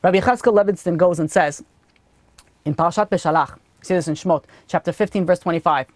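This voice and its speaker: Animated rabbi telling stories, dry sound. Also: male voice, sits high, fairly quick, no room sound. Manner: animated storyteller acting out characters. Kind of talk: Torah lesson with storytelling.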